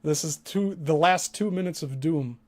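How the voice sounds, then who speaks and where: A man's voice: a little high, normal speed, a little mellow. A man hosting a reaction commentary, talking in a sarcastic, blunt way and swearing freely. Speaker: host.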